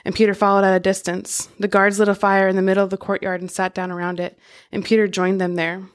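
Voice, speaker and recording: A woman co-hosting a podcast, reading scripture aloud in a steady, measured way. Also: medium pitch.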